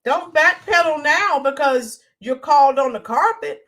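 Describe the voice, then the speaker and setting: High-pitched, unhurried and a bit bright, a woman runs a live stream where she reads viewer comments. As commentary host she's indignant and emphatic, mocking what she quotes.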